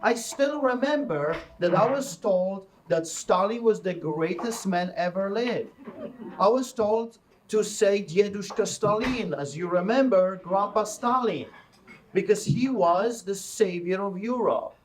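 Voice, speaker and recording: Man, high voice, emphatic speech, distant mic, faint background noise. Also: expressive, a little slow. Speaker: pastor.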